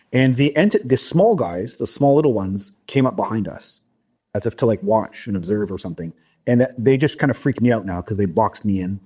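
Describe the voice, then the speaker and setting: A man recounting a personal experience in a halting, casual interview style, with frequent restarts. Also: mid-range voice, darkish tone, husky. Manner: halting, many restarts and fillers. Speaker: guest recounting an abduction experience.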